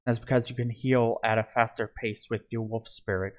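A man voicing a calm young male hero who carries a wolf spirit, in a storybook reading, speaking steadily. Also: medium pitch, moderate pace, close to an everyday voice, rough recording.

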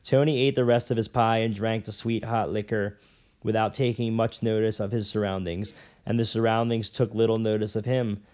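A man reading a novel aloud at an unhurried pace, now and then stumbling and correcting himself. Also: lowish voice, level tone, darkish tone. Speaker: reader.

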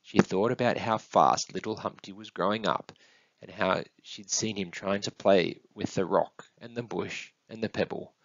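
Gravelly man reading a picture book. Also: fairly low pitch, normal speed, no room sound. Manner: expressive, sing-song storytelling. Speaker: storybook reader. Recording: dull, dry close recording.

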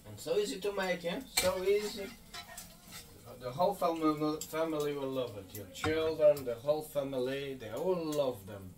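Recorded on a distant mic with faint room noise, this video host from Madeira, Portugal guides viewers through a recipe in his home kitchen. His voice is on the high side with lively intonation at normal speed, and he warmly ends lines with "eh?".

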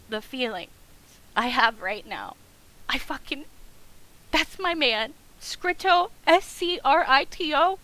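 A young woman streaming a game, excitable and profane, swinging from shouts to hushed asides. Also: high voice, rough recording. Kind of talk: live game stream commentary.

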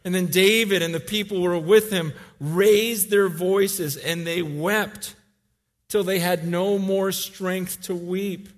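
A man in his forties delivers a sermon in a fairly high voice. He preaches with animated intensity and acts out emotional scenes. At other times he turns quiet, earnest and confessional. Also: slow, long reverb tail. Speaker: pastor.

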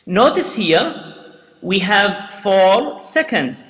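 Patient male recitation teacher, high bright voice, slow delivery, booming room reverb. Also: very animated. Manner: patient, repeats sounds for students to echo. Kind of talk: slow step-by-step tajweed lesson with recitation. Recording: echoey room with long reverb.

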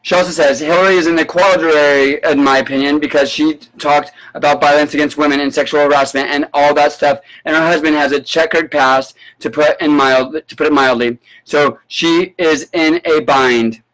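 A man's voice: fairly high pitch, steady tone, normal speed, hardly any pauses, fairly bright tone, rough recording. Profane, sarcastic ranting man. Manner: profane, sarcastic and indignant, with sudden yelps. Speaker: political commentator. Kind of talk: ranting live-stream commentary.

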